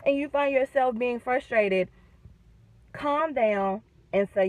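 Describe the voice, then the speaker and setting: A woman's voice: fairly high pitch, takes it slowly, no room sound, poor audio. Chatty woman vlogging. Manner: animated, chatty, self-deprecating humor. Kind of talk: casual faith vlog. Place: in a car.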